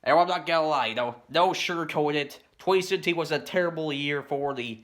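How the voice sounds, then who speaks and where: A man delivering a rambling commentary rant, filling his points with "you know" and "stuff like that" and often clearing his throat. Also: fairly high pitch, fast talker, a bit bright. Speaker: commentary YouTuber.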